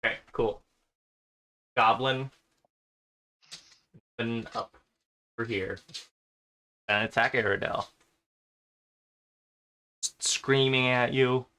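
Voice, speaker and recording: A man's voice: medium pitch, fairly even intonation, slow pace, pauses often, sharp tone, smooth. A man running an online tabletop game as game master, explaining the rules patiently.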